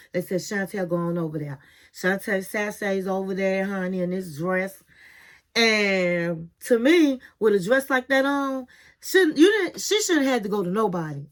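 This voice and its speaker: A woman giving a casual, chatty recap of a reality TV episode, telling it with sass and calling her listeners honey and girl. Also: medium pitch. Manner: sassy, animated storytelling, calls viewers honey and girl.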